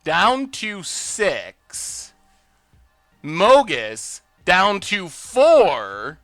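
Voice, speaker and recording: Excitable high-voiced male game streamer. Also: extremely slow, no room sound, soft background music. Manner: excitable, bursts into loud cheering; chatty, thinks out loud about plays. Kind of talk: live gameplay commentary.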